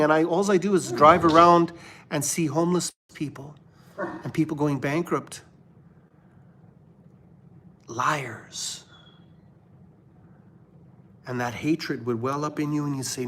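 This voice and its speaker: A man from Canada hosting a livestream of religious commentary, preaching fervently and then dropping to a hushed murmur. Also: a little high, measured pace, long pauses. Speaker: livestream host.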